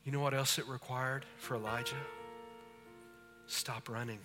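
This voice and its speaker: A man preaching a sermon, swinging between booming lines and hushed, intimate ones in a church. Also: steady tone, normal speed, music in the background. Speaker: pastor. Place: church sanctuary.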